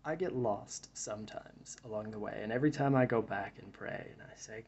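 A man's voice: on the low side, a little fast, vocal fry, few pauses, a little mellow, lo-fi sound, slight background noise. A man giving a reflective Bible study talk, reading verses aloud and then musing on them in a thoughtful way. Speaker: Bible teacher.

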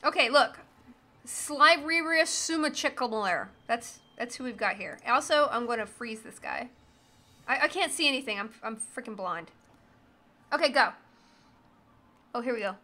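A woman in her thirties chats loosely while streaming a game, her high, bright voice bouncing between commentary and silly sung bits. She is playful and goofy, humming and singing nonsense as she plays. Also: animated, moderate pace, pauses often. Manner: goofy, sings and hums while playing. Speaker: streamer playing a video game. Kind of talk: casual gaming chat.

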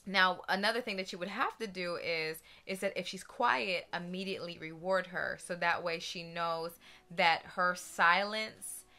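Lively woman host for a pet-care vlog, bright voice, very expressive delivery. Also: fairly low pitch, unhurried. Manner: animated, expressive talker. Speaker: dog-training vlogger. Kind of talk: casual advice vlog.

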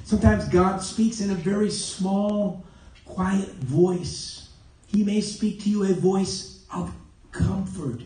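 A man with a high-pitched, darkish voice preaches an evening sermon in a church sanctuary, punctuating it with "amen" and often halting to correct himself. The mic is far off, and the church is very echoey.

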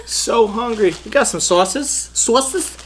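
A man's voice: very high-pitched, takes it slowly, a little hiss or hum. A man hosting a casual eating show, upbeat and slangy, talking straight to his viewers. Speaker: mukbang host.

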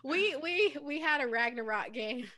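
A woman's voice: sits high, animated, normal speed, a crowd in the background. A woman hosting a casual streamed chat, rambling and giggling often as she talks. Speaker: host.

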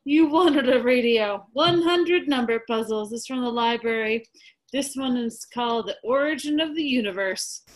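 A woman reading the part of a sarcastic, resentful man, with a slow sneer. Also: fairly high pitch, natural voice. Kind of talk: live script reading over video call.

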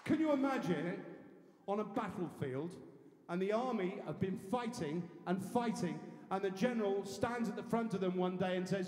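A man preaching a lively sermon to a congregation, chatty and jokey, building up to shouted, punchy repeats. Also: sits high, moderate pace, some chatter behind. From England. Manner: conversational, jokey, punchy repetition, rising to shouts. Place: church hall in front of a congregation. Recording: echoey hall from far off.

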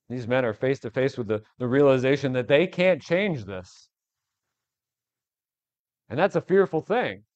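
A male pastor preaching a sermon, animated, acting out the disciples' panicked cries in a raised voice. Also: mid-range voice, measured pace, pauses often, muffled recording.

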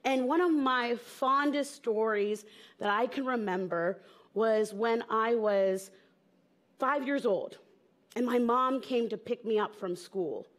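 A woman comedian from the American South tells playful stories to a live audience on stage. Her voice sits high and she takes her time. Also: slow pace. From southern United States. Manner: playful, storytelling with jokes. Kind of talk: stand-up talk on stage.

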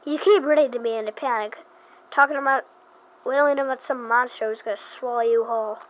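A woman's voice: fairly high pitch, steady tone, fairly quick, natural voice, low-quality recording. Woman reading a weary park official.

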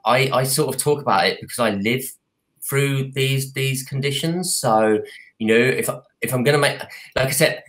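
A man with a Cockney accent, speaking earnestly in a halting way over a video call from his home computer, with many restarts and fillers. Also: mid-range voice, fairly bright tone. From United Kingdom. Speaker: artist and advocate. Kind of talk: live video call interview. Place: apartment at home.

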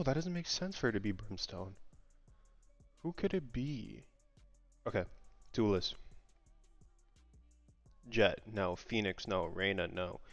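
A young man casually vlogging a daily guessing game, thinking aloud, excitable and swearing freely. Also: lowish voice, no echo. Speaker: gaming content creator. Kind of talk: casual gaming vlog commentary. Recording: dry, slightly muffled home mic.

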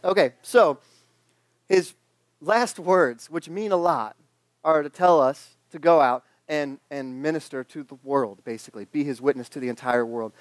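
A man's voice: fairly high pitch, normal speed, no echo. A man in his twenties giving a casual, joking sermon to a church congregation, chatting along and acting out the voices in his stories. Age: 20s. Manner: joking, conversational, acts out quoted voices. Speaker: pastor. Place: church sanctuary.

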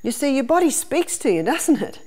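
Running a demonstration seminar, a middle-aged woman health educator explains every step and shares stories along the way. She has a high, slightly mellow, sing-song voice and keeps a moderate pace.

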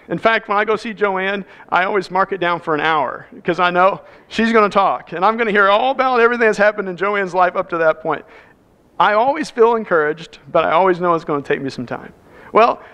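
High-voiced pastor telling a story. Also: male voice. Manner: animated storyteller, acts out quoted dialogue. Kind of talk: sermon with storytelling. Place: church sanctuary.

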